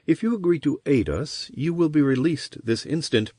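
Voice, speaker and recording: A man's voice: fairly high pitch, animated, normal speed, darkish tone, slightly rough, no echo, clean studio sound, voice pushed up. Chryseis, a cynical seductive sorceress voiced by a man. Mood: earnest. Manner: silky and coaxing.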